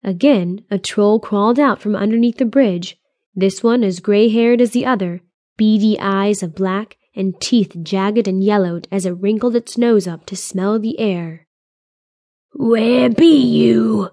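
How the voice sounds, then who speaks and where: An audiobook narrator, a woman, reads a fantasy adventure in a steady, even storytelling voice at a middle pitch and a slightly slow pace. She's captured on a close studio mic, so the sound is dry with no room tone.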